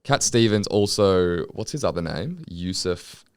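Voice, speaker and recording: A young man co-hosting a comedy podcast, swearing and joking in animated stories. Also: deep voice, measured pace, clear, resonant tone, dry recording, studio quality. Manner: crude, joking, animated storytelling. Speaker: podcast co-host. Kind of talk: casual comedic podcast chat.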